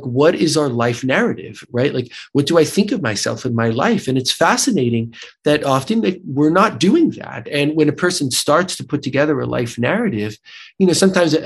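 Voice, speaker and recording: A man's voice: a little high, husky. An American man speaking as a guest in an interview, explaining his book and clinic while often restarting and checking in with "right?". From United States. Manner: animated, thinks aloud with repeated restarts and tag "right?". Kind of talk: conversational interview.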